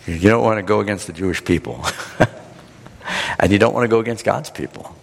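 A man preaching a sermon, retelling a scripture story in an animated, dramatic way. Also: fairly low pitch, brisk, creaky, breathy edge, in a large hall. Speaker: pastor.

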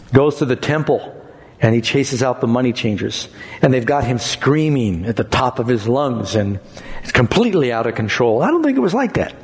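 A man preaching a sermon, expressive, acting out quoted lines in changing tones. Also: a little high. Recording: long hall reverb.

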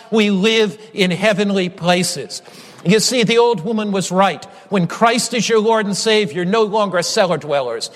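Man, preacher, high voice, earnest, emphatic repetitions, long echo of a hall. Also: fairly bright tone. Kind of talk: sermon.

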